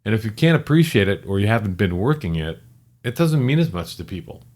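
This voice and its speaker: A man's voice: on the low side, sing-song, fast, a little mellow. A middle-aged man co-hosting a casual chat, rambling and correcting himself, with the odd joke. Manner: rambling, self-correcting, joking. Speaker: podcast co-host.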